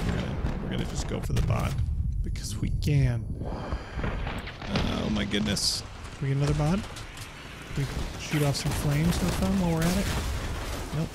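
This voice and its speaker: A man giving excitable, chatty commentary over his own gameplay, exclaiming often. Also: on the high side, very noisy. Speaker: gaming YouTuber. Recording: game gunfire behind voice. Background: game gunfire and explosions.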